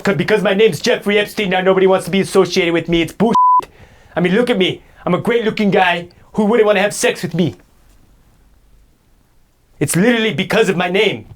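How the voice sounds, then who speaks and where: Guy doing a whiny bragging dude who won't stop complaining, kinda high voice, improv sketch. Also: a little hiss or hum. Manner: rambling, indignant comic complaining. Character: boastful, self-pitying man cursed by his name.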